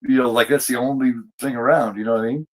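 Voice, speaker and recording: A man's voice: mid-range voice, steady tone, fast talker, low-quality recording. A man casually recapping a TV episode as a podcast co-host, rambling with lots of fillers and restarts.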